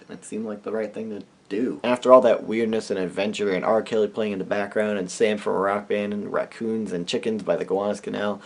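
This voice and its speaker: Animated young man telling a story. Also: lowish voice. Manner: animated, bursts into loud silly animal noises. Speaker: vlogger. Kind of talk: comic storytelling vlog.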